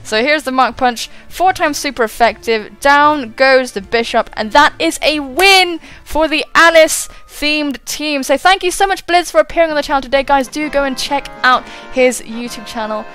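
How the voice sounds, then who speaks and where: A woman's voice: high-pitched, moderate pace, hardly any pauses, fairly bright tone, soft background music. A young woman giving casual, chatty commentary on a game battle, swearing and mocking her own moves. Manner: chatty, self-mocking, swears and laughs often. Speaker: gaming YouTuber.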